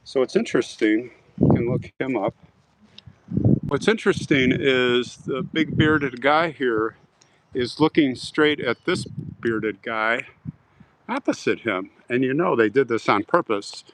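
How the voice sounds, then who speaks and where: A man talking slowly and unhurriedly at an ordinary pitch as he strolls outdoors on a live stream. He chats and jokes with his viewers and clears his throat every so often. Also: expressive, noisy background. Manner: chatty, joking with viewers, frequent throat clearing. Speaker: vlogger reading live chat. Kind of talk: casual live-stream chat while walking a cemetery. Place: outdoor cemetery.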